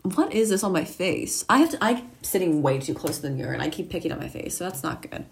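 A woman's voice: fairly low pitch, expressive, fast, creaky. A teenage girl chatting casually to the camera at home while getting ready at a mirror, rambling and poking fun at herself. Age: teens. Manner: chatty, self-deprecating, rambling asides. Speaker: vlogger.

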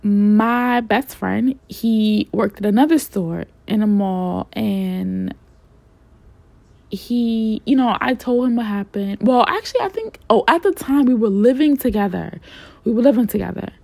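A woman in her forties from New York, with a New York accent, telling a story casually in slangy, animated talk and acting out the quotes. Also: a little high, measured pace, gravelly, no echo.

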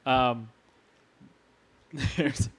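A man hosting a casual podcast, telling a story from his notes. His voice sits at an ordinary middle pitch, relaxed and joking between the facts. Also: drawn-out words. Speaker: podcast host.

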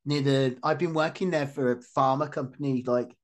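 A man's voice: medium pitch, fairly even intonation, normal speed. A man hosting a podcast in casual chat, a self-described overthinker and overtalker who laughs often. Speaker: podcast host.

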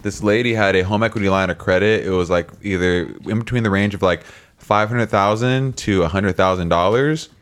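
A man's voice: fairly low pitch, a little fast, smooth. A man telling a long story in casual chat, rambling and profane, laughing as he goes. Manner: rambling, profane, laughs through his stories.

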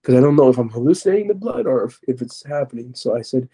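A man's voice: medium pitch, expressive, fast, warm tone, husky. A man, a podcast guest, giving an earnest, confessional account of his personal testimony, often stopping and restarting as he retells it.

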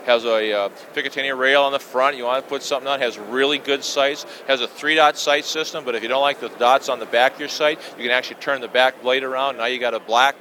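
A man at a trade show booth, pitching a new product enthusiastically in an interview. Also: steady tone, fast talker, few pauses, bright, forceful tone, slight background noise, rough recording. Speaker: company representative.

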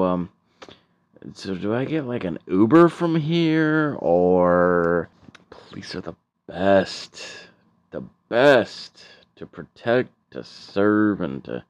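Male stand-up, deep voice, slow, profane, rambling with stuttered restarts. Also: vocal fry, darkish tone, no echo. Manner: rambling, profane, stammering repeats. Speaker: stand-up comedian. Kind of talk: stand-up comedy set.

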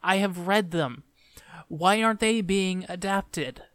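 Podcast co-host, male, smooth dry voice, griping and exasperated. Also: high voice, takes it slowly, a bit bright, no room sound. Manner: ranting, exasperated complaining. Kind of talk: casual chat.

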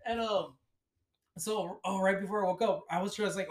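A man's voice: sits high, fairly quick. A man co-hosting a podcast, telling a dream story in casual chat and acting out the voices in it. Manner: animated storytelling, acts out voices. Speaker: podcast co-host. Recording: roomy echo.

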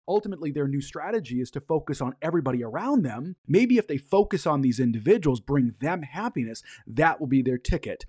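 A man's voice: mid-range voice, quick pace, few pauses, breathy edge, no room sound. A man hosting a podcast, recapping a TV episode in a casual, enthusiastic way and briefly acting out the characters' lines. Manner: enthusiastic, acts out quoted lines in animated bursts. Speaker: podcast host.

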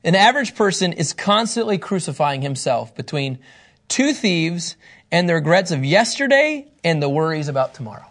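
High-voiced man preaching with emphasis. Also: moderate pace. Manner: emphatic, animated preaching with dramatic quotes. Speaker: pastor. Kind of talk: sermon teaching.

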